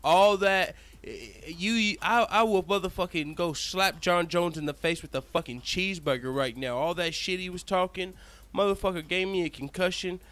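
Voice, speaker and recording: A man voicing a brash, boastful male fighter who gloats and curses in loud bursts. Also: fairly high pitch, normal speed, close to an everyday voice. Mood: gleeful.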